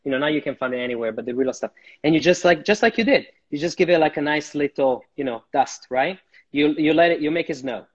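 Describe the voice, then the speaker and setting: A man's voice: fairly high pitch, quick pace, breathy edge. A man chef chatting animatedly during a live cooking demo, often repeating his words. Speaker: guest chef. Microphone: livestream. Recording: dull lo-fi livestream audio.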